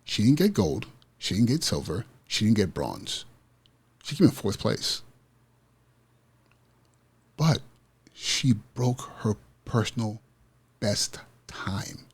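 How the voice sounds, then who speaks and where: Taking it slowly and pausing often, a school principal on his education podcast passionately repeats his message about teaching kids to win in a motivational monologue. His lowish voice has big pitch swings and a darkish, slightly rough tone.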